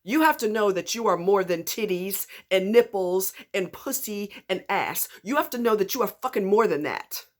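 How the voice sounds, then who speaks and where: A woman's voice: mid-range voice, animated, normal speed, hardly any pauses. A woman vlogger, delivering a fired-up, profane rant straight to her viewers. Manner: fired up, blunt, swearing heavily. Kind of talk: angry profane rant to camera.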